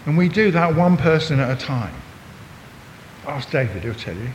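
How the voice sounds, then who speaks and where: A man's voice: very animated, moderate pace. Older man preaching in a reverberant hall. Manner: chatty and jokey, talks to the congregation. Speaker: visiting preacher. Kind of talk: informal church talk. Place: church hall. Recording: long hall reverb, faint rumble.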